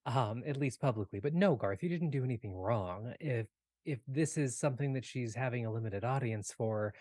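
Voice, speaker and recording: A man's voice: medium pitch, moderate pace, a little mellow, no echo, studio quality. A man voicing his character in a tabletop role-play game, talking casually in character and narrating what she does. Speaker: player.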